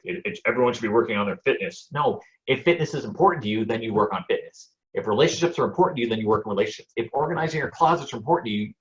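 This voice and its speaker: A man talking in a lively, storytelling way as a guest on a motivational interview show, often repeating a word as he starts a phrase. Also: medium pitch, highs cut off. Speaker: guest speaker and speaking coach.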